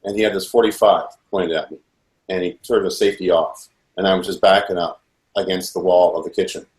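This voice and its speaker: Intense man, low voice, echoey. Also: steady tone, brisk, darkish tone. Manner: earnest, intense storytelling that replays dialogue. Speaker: witness giving testimony. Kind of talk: personal testimony, recounting events. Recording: echoey room.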